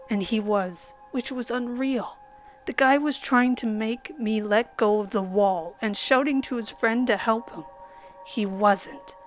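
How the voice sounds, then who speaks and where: Slow, higher-voiced woman narrating horror. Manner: measured, dramatic reading that drops to a whisper at times. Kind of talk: scripted horror story narration. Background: faint background music.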